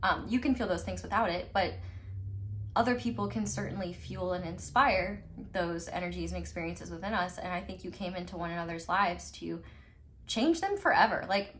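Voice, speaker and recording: A woman's voice: on the low side, fairly bright tone. A woman giving a casual pick-a-card tarot reading, chatty and emphatic, peppering her talk with "like", casual swearing and frequent laughter. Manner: laughs often between remarks. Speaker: tarot reader.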